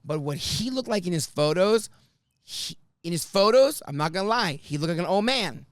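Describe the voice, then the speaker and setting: A man hosts a podcast, swapping into quoted voices and cursing as he tells his story. His pitch swoops widely through the telling. The sound is dry and close, with no room around it. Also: moderate pace, no room sound. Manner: animated, swears freely, acts out quoted voices. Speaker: podcast host. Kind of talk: casual storytelling chat.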